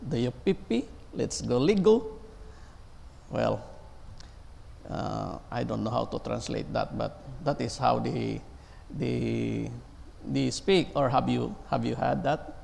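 A man preaching a sermon, speaking slowly and haltingly with many fillers and pauses. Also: medium pitch, flat delivery, creaky, a little mellow, in a large hall.

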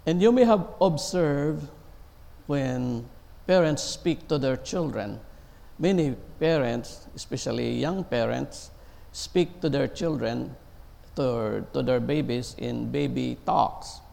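A man preaching a sermon, speaking slowly and haltingly with many fillers and pauses. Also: medium pitch, creaky, a little mellow, long reverb tail.

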